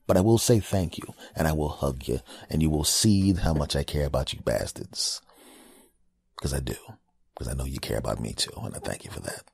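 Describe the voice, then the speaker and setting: Male podcast host, very low voice, dry close sound, brash profane comic riffing. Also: animated, brisk, gravelly, darkish tone, husky, dry recording. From United States. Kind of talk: casual comedic monologue.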